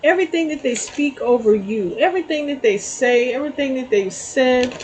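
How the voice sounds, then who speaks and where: A woman's voice: sits high, animated, normal speed, hardly any pauses, darkish tone, a little hiss or hum, poor audio. A middle-aged woman giving a casual spiritual tarot reading, telling a story and checking in with "okay?". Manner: chatty, storytelling, frequent "okay?" asides. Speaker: tarot reader.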